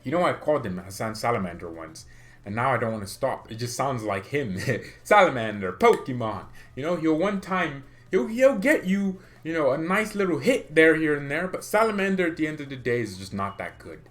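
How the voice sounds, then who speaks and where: A young man hosting a fan channel, talking in a casual, excitable and rambling way with quick laughs. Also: medium pitch. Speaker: football fan channel host. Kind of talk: casual opinion vlog.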